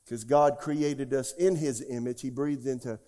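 Older male preacher, dark mellow tone, emphatic sermon delivery with call-outs to the congregation. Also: medium pitch, fairly even intonation, unhurried. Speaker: pastor.

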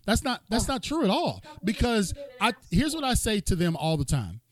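A man hosting a casual interview, talking to the audience in lively asides with a preachy streak. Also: high voice, moderate pace. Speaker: host.

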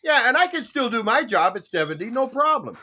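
A man in his seventies hosting a podcast panel in casual chat, talking in an excitable, emphatic way. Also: extremely high pitch, a little fast. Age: 70s. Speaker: podcast host.

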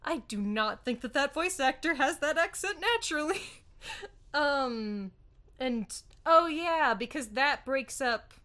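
A woman's voice: high voice, animated, unhurried, sharp tone. A woman co-hosting a casual film recap chat, gushing and laughing often as she talks. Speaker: podcast co-host.

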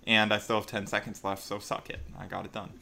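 A man's voice: fairly low pitch, level tone, quick pace, creaky, bright, forceful tone. A man co-hosting a casual movie-review chat, with dry, sarcastic remarks and rambling summaries full of fillers. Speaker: podcast co-host.

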